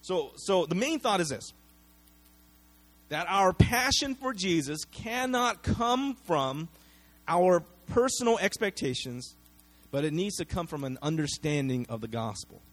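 A man with a high voice preaches a sermon to his congregation. He talks in a loose, conversational way, stumbles over and repeats words, and keeps checking in with "right?". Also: animated, measured pace, fairly bright tone. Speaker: pastor.

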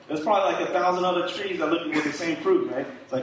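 A man's voice: on the high side, fairly quick, a bit bright. A middle-aged man giving an informal sermon in a conversational way, with many fillers and rhetorical questions. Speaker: preacher. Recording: echoey room, distant mic, faint hiss.

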